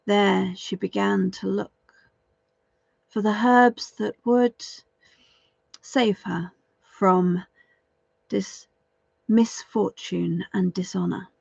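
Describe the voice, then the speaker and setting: A woman's voice: mid-range voice, steady tone, extremely slow, vocal fry, pauses often, a little mellow, breathy edge, no echo. A woman storyteller telling a folk tale aloud, dramatic and lingering over repeated phrases. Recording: dull, dry lo-fi recording.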